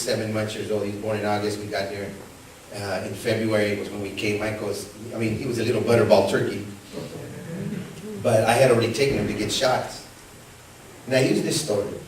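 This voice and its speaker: Male pastor, dynamic sermon delivery, loud calls and hushed asides, distant mic in a very echoey church with faint room noise. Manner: swings between loud, high calls and soft, low asides; storytelling with rhetorical questions to the congregation. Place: church sanctuary.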